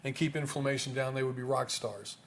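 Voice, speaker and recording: A man's voice: mid-range voice, steady tone, brisk, gravelly. A man in an interview talking casually about health research, emphatic, with rhetorical questions and frequent restarts.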